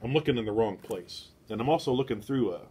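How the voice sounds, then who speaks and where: A man's voice: medium pitch, animated, fast, mellow, husky. A man hosting an online book club from home, talking in a meandering, self-deprecating way into a phone. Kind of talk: rambling casual livestream talk.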